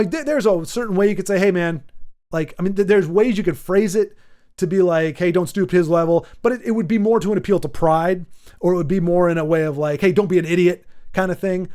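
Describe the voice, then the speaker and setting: Man, high-pitched voice, rambling off-the-cuff commentary, lots of restarts and fillers, channel host. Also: fast, darkish tone.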